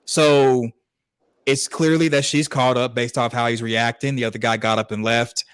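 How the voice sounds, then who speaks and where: A man's voice: mid-range voice, level tone, normal speed, fairly bright tone, clear, resonant tone, no echo. A man co-hosting a podcast, giving laid-back, wry commentary on a clip with plenty of fillers. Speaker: podcast co-host. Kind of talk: casual commentary.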